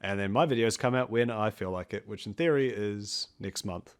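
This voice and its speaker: A man's voice: lowish voice, normal speed, smooth. A man with a New Zealand accent, a podcast guest chatting casually, rambling and swearing freely with frequent laughs.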